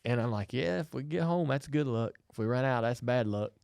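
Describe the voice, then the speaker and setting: A man's voice: mid-range voice, a little fast, creaky, clear, resonant tone, dry recording, studio quality. Man telling a story. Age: middle-aged. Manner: animated storyteller, acts out quotes. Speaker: podcast co-host. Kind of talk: casual storytelling chat.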